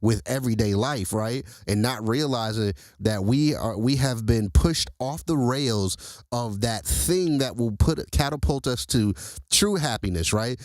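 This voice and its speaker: A man hosting a casual motivational talk, who speaks straight to his listeners in a lively, preachy way. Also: medium pitch, no echo. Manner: animated, preachy, addresses listeners directly as y'all. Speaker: host.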